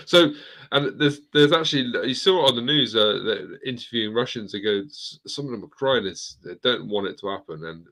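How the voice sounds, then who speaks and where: A man's voice: mid-range voice, animated, normal speed, a bit bright. A middle-aged man hosting a casual live chat, rambling through viewer comments and swearing now and then. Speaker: host of a live chat stream.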